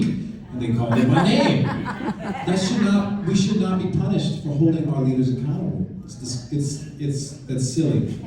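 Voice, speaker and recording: Heard from a distance in a very echoey meeting room at a club event, a man with a mellow, medium-pitched voice gives an informal speech as guest speaker to a political club. He's conversational and emphatic, often going back to restart his sentences.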